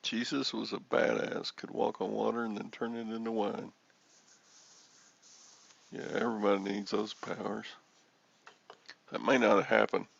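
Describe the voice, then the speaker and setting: A man's voice: fairly low pitch, little pitch movement, a little slow, gravelly, pauses often, lo-fi sound. A man in his sixties hosting a reseller livestream, rambling and joking as he answers chat comments. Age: 60s.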